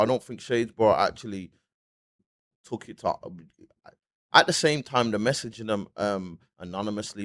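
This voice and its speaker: An online commentator, a man, delivers a casual vlog in loose street slang, often restarting and repeatedly asking "you get me." His voice is fairly low yet fairly bright in tone. The recording is close and dry with no room sound.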